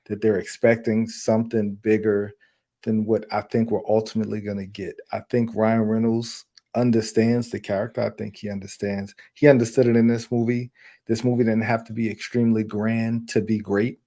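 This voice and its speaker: A man with a low, mellow voice and little rise and fall. He builds his case about a film steadily, one point after another. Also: level tone, normal speed. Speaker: panelist. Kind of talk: casual film review chat.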